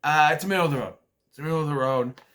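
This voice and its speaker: A man's voice: fairly high pitch, very fast, fairly bright tone. A man casually reviewing a movie for his vlog, rambling with many restarts and acting out scenes. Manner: rambling, hesitant, many restarts and acted-out quotes.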